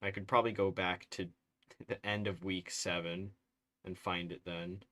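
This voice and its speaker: A soft-spoken man with a soothing voice gives casual live-stream commentary as he works, thinking aloud, mumbling, and correcting himself. His voice is deep and his delivery flat, at a normal speed.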